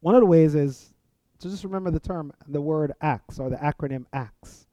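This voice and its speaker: A man preaching about how to pray, earnest and measured, his voice very warm and mellow yet set a little high. The sound is dry and dull, with a muffled lo-fi quality. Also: no echo. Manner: earnest, speaks example prayers aloud. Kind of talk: teaching sermon on prayer.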